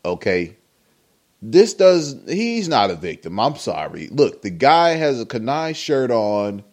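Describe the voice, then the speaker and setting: A man's voice: medium pitch, very animated, slow pace, darkish tone. A man hosting a podcast, giving rambling, opinionated commentary with many fillers. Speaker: podcast host. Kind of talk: casual commentary.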